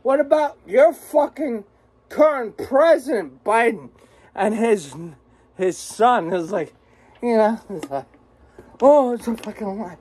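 A woman's voice: fairly high pitch, animated, slow, dark tone, husky. A woman delivering a profane political rant as a vlogger, cursing, mocking and cackling.

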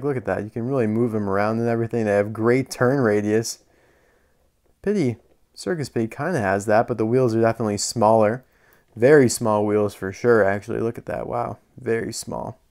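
A man's voice: fairly low pitch, a little mellow. A young man casually reviewing a collectible toy car, chatty and rambling, enthusiastic about small details.

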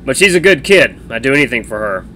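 A man voicing a stoic, gruff young man who is a protective older brother, curt and firm. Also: medium pitch, very animated, fast, sharp tone, slight background noise.

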